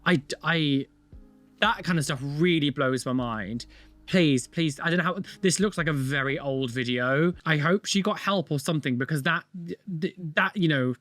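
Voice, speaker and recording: Animated man reacting to clips. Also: on the high side. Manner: exclaiming, camp and animated, quick asides. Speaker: reaction video host. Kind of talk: reacting to clips, casual commentary.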